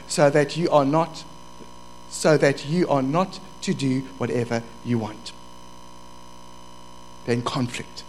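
A middle-aged man preaching a sermon, moving from quiet asides to loud, fervent passages. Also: mid-range voice, slow pace, long pauses, rough recording. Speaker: pastor. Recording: faint mains hum.

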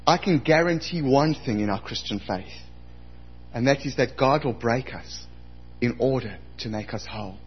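A man's voice: medium pitch, normal speed, slight background noise. A man in his forties preaching a sermon as pastor, telling stories and acting out his own past outbursts. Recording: dull lo-fi recording.

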